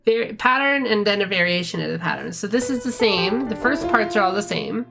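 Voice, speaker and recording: Woman, casual music theory explainer, hums melodies, loud music under her voice. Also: mid-range voice, lively intonation, fairly quick, creaky. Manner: hums and sings melody lines to explain them. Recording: music playing loudly behind the voice. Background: guitar music.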